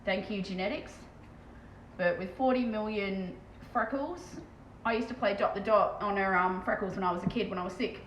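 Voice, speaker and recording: A woman with an Australian accent chatting fast and casually on a live stream as she paints terrain, swearing freely. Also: mid-range voice, fairly bright tone. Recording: echoey room with faint background noise.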